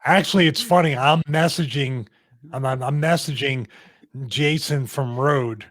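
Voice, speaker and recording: A man's voice: mid-range voice, measured pace, a bit bright, no echo, clean studio sound. Rambling man guesting on a podcast. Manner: rambling, restarts, thinks aloud. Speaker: guest, former pro wrestler. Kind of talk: casual interview chat.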